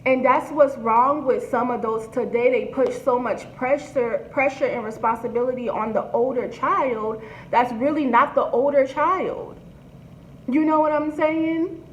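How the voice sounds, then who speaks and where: A blunt woman vlogger talks in a higher register, outspoken and quick to swear. Her voice rings in an echoey room on a dull, lo-fi recording with a faint hiss. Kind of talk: casual commentary.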